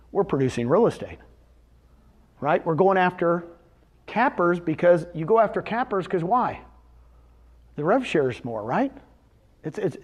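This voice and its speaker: Animated man giving a motivational seminar. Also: high voice. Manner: animated, asks the audience questions and answers them himself. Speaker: presenter at a real estate seminar.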